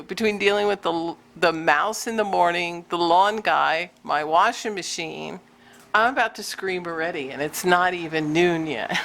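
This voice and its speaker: Chatty woman vlogger telling a story. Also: a little hiss or hum. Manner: animated, scolding her cat in high bursts, laughing between lines. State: out of breath. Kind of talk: casual chatty storytelling to camera.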